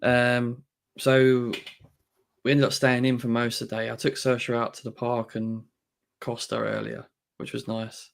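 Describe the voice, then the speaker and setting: A British man co-hosting a live podcast, relaxed and easygoing in casual chat. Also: mid-range voice, measured pace, creaky. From United Kingdom. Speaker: podcast co-host.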